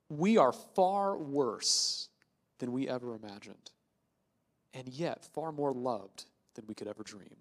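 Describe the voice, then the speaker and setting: Animated male preacher in a reverberant hall. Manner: animated, conversational preaching, dropping low for emphasis. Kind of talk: sermon.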